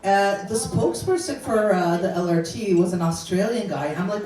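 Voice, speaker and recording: A woman's voice: medium pitch, big pitch swings, moderate pace, hardly any pauses. A woman hosting a stand-up show in a basement club, brash and joking between acts. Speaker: comedy show host. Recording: echoey room from far off, crowd behind.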